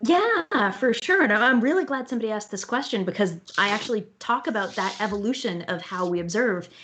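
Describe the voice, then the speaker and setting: A woman astronomer and author, a guest in an online interview, telling lively stories from observing. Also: mid-range voice, fast talker. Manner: lively anecdotal storytelling.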